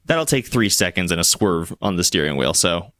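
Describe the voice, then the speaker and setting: A man's voice: low-pitched, sing-song, moderate pace, a bit bright, no room sound. A man narrating a tabletop game as game master, often restarting his sentences as he describes the action.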